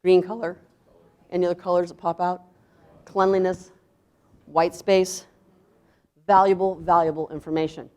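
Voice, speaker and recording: A woman chef talks to a seminar audience in a lowish voice. She is emphatic and asks rhetorical questions, then acts out the voices she quotes. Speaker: chef presenter. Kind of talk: conference talk.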